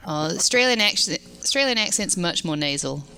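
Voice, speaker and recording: A woman's voice: lowish voice, expressive, brisk, sharp tone, clean tone, low-quality recording. A woman from New Zealand with a New Zealand accent, a guest in easygoing casual chat.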